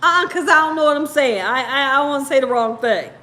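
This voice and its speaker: Talking quickly in a high, animated voice with a sharp edge, a woman hosts a live cooking stream and chats casually with her viewers. She sounds tired, yet she keeps giggling and laughing as she reads comments.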